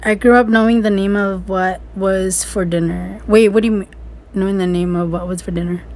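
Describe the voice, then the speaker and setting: A woman's voice: mid-range voice, fairly even intonation, a little fast, a little mellow, slight background noise. A young woman co-hosting a food podcast in casual chat, giggly and hesitant, with lots of "like". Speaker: podcast co-host.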